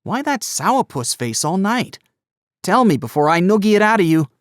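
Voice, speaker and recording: A man's voice: high-pitched, very animated, moderate pace, no room sound, studio quality, pitched above the performer's own voice. A man voicing a teasing, boisterous teenage boy in an audiobook, playful and needling. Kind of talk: audiobook character voice.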